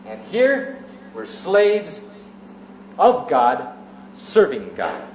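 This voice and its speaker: Male preacher, high-pitched, methodical sermon delivery; roomy church recording, a bit dull and hissy. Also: huge pitch swings, extremely slow, darkish tone. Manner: structured teaching, repeats phrases for emphasis.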